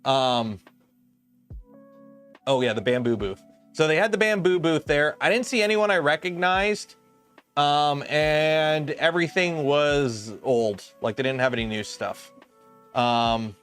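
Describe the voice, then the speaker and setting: A man's voice: a little high, expressive, a little slow, long pauses, fairly bright tone, clear, resonant tone, soft background music. Rambling man with a slight lisp. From Canada. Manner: rambling, lots of "um" and restarts. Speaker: livestream host. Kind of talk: casual livestream chat.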